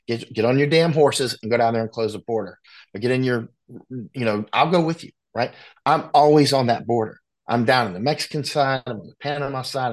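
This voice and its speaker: Blunt and conversational, an American man appearing as a war correspondent guest keeps restarting his sentences and breaking into animated asides. He speaks in a mid-range voice.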